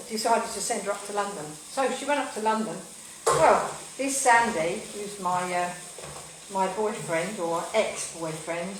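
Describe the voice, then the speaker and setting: A middle-aged woman hosting a home cooking show, chatting and telling a rambling story with lots of fillers while she cooks. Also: medium pitch. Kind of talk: live cooking chat with storytelling. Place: home kitchen. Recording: very echoey kitchen, mic far off, cooking noise. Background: frying and sizzling, stirring.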